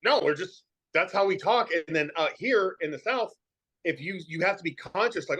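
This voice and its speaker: A man's voice: sits high, expressive, normal speed, pushed and bright, husky. A man with a light New England accent, chatting as a podcast guest, rambling with lots of fillers and restarts. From Massachusetts. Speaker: podcast guest, professional wrestler. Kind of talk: casual chat.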